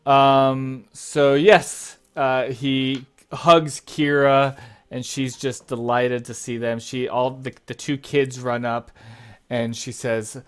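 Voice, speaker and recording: A male game master describes scenes for his players in an unhurried, halting way. His voice is smooth and resonant, with plenty of small fillers. The delivery stays even and plain. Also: mid-range voice. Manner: relaxed, halting narration with fillers. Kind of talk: narrating a tabletop game.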